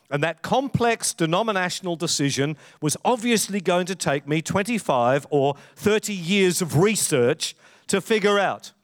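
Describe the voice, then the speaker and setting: A man preaching a conversational sermon, telling humorous stories in an animated, chatty way. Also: a little high, no room sound, studio quality. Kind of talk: sermon with storytelling.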